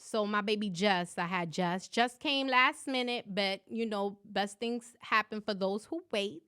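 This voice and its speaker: A young woman hosting a podcast, loud and profane, laughing often in casual chat. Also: mid-range voice, measured pace, smooth. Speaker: podcast host.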